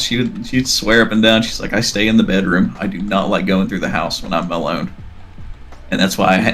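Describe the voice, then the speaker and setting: A man's voice: medium pitch, a bit bright. A man telling a long, rambling story in casual podcast chat, acting out the dialogue as he goes. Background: faint background music.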